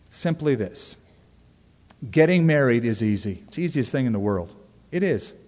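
A pastor giving an expository sermon in a conversational, folksy way with touches of wry humor, dropping to soft stress on key words. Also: male voice, mid-range voice, sing-song, moderate pace. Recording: long hall reverb.

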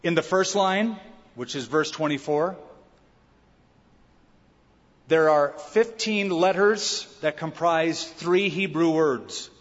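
A man's voice: a little high, slow. Male pastor, emphatic teaching sermon, long church reverb. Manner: emphatic, rhetorical questions to the congregation. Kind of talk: expository sermon. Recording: dull reverberant church sound.

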